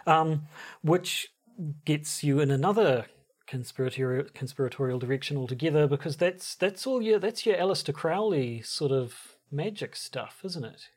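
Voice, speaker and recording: A man's voice: fairly high pitch, lively intonation, normal speed. Hesitant, agreeable male podcast co-host. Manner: agreeable, hesitant, with many restarts and fillers. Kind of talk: casual podcast chat.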